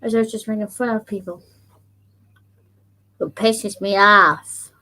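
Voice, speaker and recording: A woman's voice: medium pitch, steady tone, slow, pushed and bright. A young woman chatting casually to camera, rambling, giggling and swearing a lot. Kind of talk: casual vlog chat to camera.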